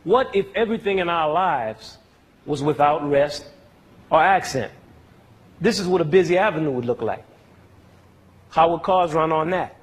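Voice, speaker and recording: A music teacher with a slightly husky voice, pitched somewhat higher than most men's, gives an educational talk to a young audience. He explains step by step at a moderate pace with long pauses, often turning points into questions for them to answer.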